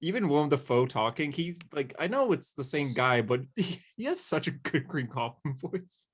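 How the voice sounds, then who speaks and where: A man co-hosting a podcast in casual chat, easygoing and quick to laugh. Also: a little high, big pitch swings, slightly rough. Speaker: podcast co-host.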